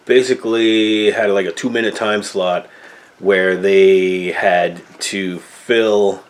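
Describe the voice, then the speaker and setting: A man in his fifties from Canada with a Canadian accent, rambling loosely through a casual movie talk, full of fillers and tag questions. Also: deep voice. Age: 50s. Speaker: movie reviewer.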